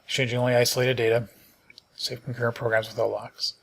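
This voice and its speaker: A middle-aged man hosting a casual programming stream, tired and yawning, reading documentation aloud and thinking out loud with many fillers and restarts. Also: medium pitch, little pitch movement, fast talker, vocal fry. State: sleepy, yawning.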